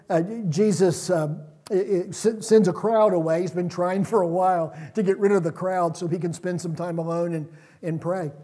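A man preaching a sermon in a church, retelling stories in a relaxed, conversational way. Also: high voice.

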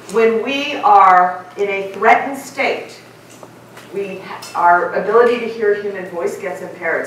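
A middle-aged woman giving a lively conference keynote and asking her audience questions. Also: medium pitch, slight background noise. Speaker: keynote speaker. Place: large conference hall. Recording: echoey hall, mic from far off.

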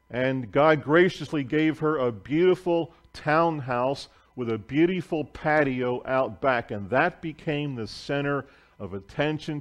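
A man preaching a sermon as pastor, telling a story emphatically and swinging between loud declarations and hushed asides. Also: mid-range voice. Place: church sanctuary.

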